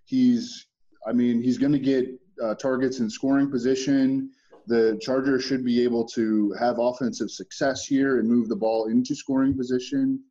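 A man's voice: mid-range voice, fairly even intonation, normal speed, warm tone, dull audio. A man making a casual sports case in a played podcast clip, hedging and repeating "I mean" often.

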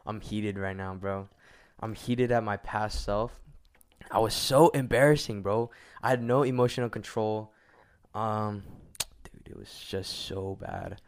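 A young man in casual podcast chat, slangy and rambling, often dropping to a low mutter. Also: measured pace, clear, resonant tone.

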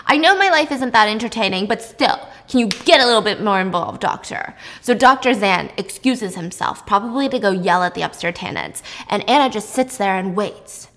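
A woman recapping a show in a casual, gossipy, animated way and acting out the characters' lines. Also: medium pitch, moderate pace, few pauses.

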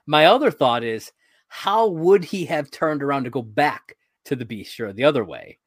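In clean, dry studio audio, a man co-hosting a podcast chats loosely about a sitcom episode, laughing frequently and sometimes cursing. His mid-range voice is animated and moves at a normal speed.

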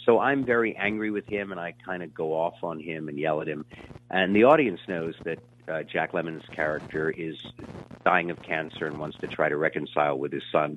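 A man in his sixties telling stories in an interview, rambling and animated, with many fillers and restarts. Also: rumbling low, no room sound. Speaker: actor being interviewed. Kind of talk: casual storytelling interview. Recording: tinny phone line.

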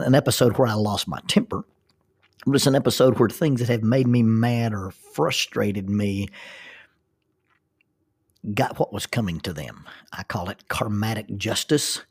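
A man's voice: lowish voice, husky. A middle-aged man telling a rambling, self-deprecating personal story, with frequent restarts.

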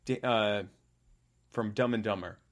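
A man with a low-pitched voice co-hosts a casual comedy podcast. He rambles, fills his talk with "like" and "uh," and leans hard into sarcasm. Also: measured pace, a crowd in the background. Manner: rambling, sarcastic, with filler words. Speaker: podcast co-host. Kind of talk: casual political comedy chat.

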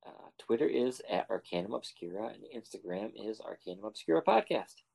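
A man's voice: fairly low pitch, expressive, brisk, gravelly, a little mellow, husky. A man hosting a podcast in casual, joking chat, laughing often and rambling loosely. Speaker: podcast host.

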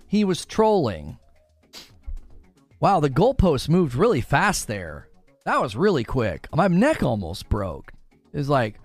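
A man's voice: on the high side, takes it slowly, gravelly, no room sound, faint music behind. A man streaming live, answering chat in a sarcastic, incredulous and emphatic way. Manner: animated, emphatic. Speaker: gaming streamer. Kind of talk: live commentary reading chat.

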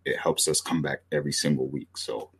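Very deep-voiced husky British man. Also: fairly quick. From Britain. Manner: relaxed and rambling, many fillers and restarts. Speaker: podcast host. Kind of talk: casual podcast chat.

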